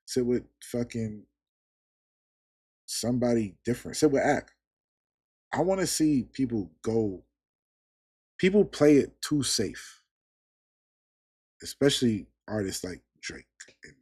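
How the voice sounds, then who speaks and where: A man hosting his own podcast, ranting in casual, profane chat. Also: a little high. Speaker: podcast host.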